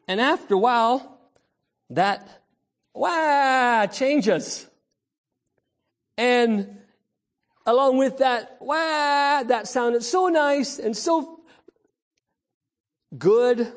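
Male pastor preaching to the kids, slow, emphatic, high voice that jumps all over. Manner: emphatic preacher, calls out to the congregation; storytelling, imitates baby cries. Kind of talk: Sunday sermon addressed to children.

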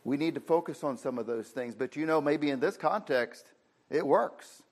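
A man's voice: fairly high pitch, moderate pace, darkish tone. A man giving a sermon in a plain, conversational way, often saying "you know". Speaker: preacher. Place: room with an audience.

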